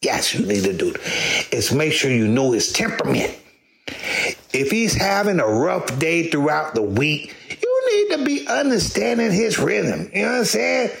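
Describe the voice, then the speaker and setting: A man, delivering a crude comedic rant, loud with sudden shouted bursts. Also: huge pitch swings, moderate pace, creaky. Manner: loud, sassy, swings high and low, shouting bursts.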